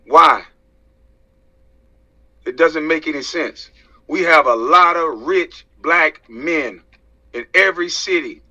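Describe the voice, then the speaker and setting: Here an American social media commentator, his voice on the high side and sharp in tone, keeps a measured pace through a heated, profane rant to camera. He preaches and fires rhetorical questions, and the audio is dull and lo-fi.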